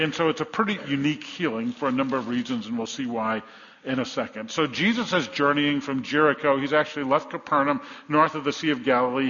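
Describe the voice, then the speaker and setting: This preacher's voice is medium in pitch and a touch bright as he vividly recounts a Bible story, taking on the crowd's voices. Captured in a hall, the sound is dull with extended reverb.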